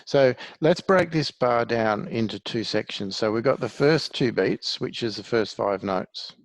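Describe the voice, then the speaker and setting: A man's voice: mid-range voice, measured pace, no room sound. A man teaching a one-to-one music lesson, patiently explaining things step by step.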